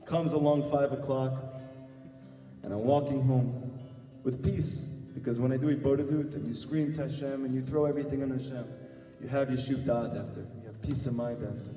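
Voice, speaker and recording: Man, rabbi, sermon storyteller; mellow, earnest, repetitive emphasis; distant roomy recording. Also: mid-range voice, steady tone, moderate pace. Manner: earnest, repeats phrases for emphasis. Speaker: rabbi giving a talk. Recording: echoey hall, far from mic, faint guitar.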